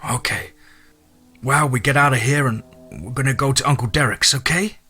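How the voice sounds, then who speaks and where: A man voicing a calm, reassuring young man, an older brother, in an audiobook reading. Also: mid-range voice, moderate pace, husky, soft background music, pitched above the performer's own voice. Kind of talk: audiobook character voice.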